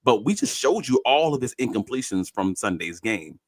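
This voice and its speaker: A man's voice: mid-range voice, very animated, moderate pace, no room sound. A man co-hosting a sports podcast in casual talk, blunt and emphatic, speaking his mind plainly. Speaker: podcast co-host.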